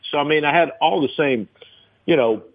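A man's voice: fairly high pitch, a little fast. A man in his fifties from New Orleans, a restaurateur telling rambling stories in a casual interview, with many fillers. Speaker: restaurateur guest. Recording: tinny phone line.

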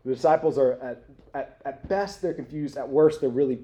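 A man's voice: medium pitch, a little fast, mellow. A young man giving a conversational, interactive sermon to students, asking them questions and filling with "like" and "right?". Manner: conversational, asks the audience questions, lots of "like" and "right?". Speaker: campus minister.

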